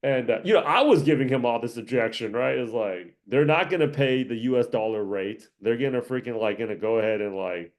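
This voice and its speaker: A man's voice: mid-range voice, a little fast, few pauses. A man hosting a casual career-coaching monologue, rambling, joking and laughing often.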